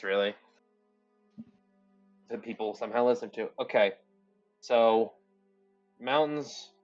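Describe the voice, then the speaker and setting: A man chatting casually as a player in a tabletop game, quick to joke and be sarcastic. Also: on the low side, lo-fi sound.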